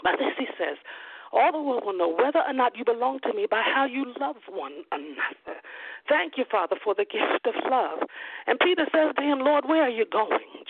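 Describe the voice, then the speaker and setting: A woman's voice: a little high, breathy edge. A middle-aged woman preaching a fervent sermon, calling out amens and hallelujahs as she teaches. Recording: tinny phone-line radio broadcast.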